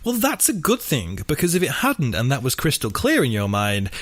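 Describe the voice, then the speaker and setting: A man hosting a true-crime podcast, telling the story in an animated, sweary, casual way. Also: medium pitch, normal speed, no room sound. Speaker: podcast host.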